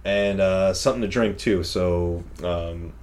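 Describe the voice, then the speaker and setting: Young male co-host, lowish voice, loose rambling chat, frequent laughs, casual swearing. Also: unhurried, a little mellow. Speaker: podcast co-host reviewing a movie.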